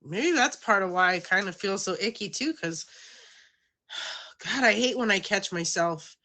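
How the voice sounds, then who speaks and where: Bright-voiced woman in chatty live chat. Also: mid-range voice, animated, unhurried. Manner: rambling, chatty and self-conscious; talks directly to viewers. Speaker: livestream host. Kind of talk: casual livestream chat.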